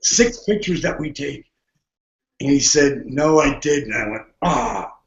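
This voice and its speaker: A man's voice: medium pitch, lively intonation, takes it slowly. A man guest on a podcast, telling a story with lots of energy, often laughing and acting out what people said. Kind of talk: animated storytelling. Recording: muffled, roomy audio.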